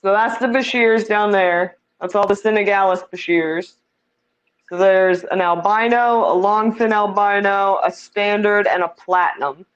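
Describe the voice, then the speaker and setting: A woman's voice: medium pitch, fairly even intonation, measured pace, lo-fi sound. A woman giving a casual tour of the fish tanks in her home, chatty and self-deprecating, laughing easily.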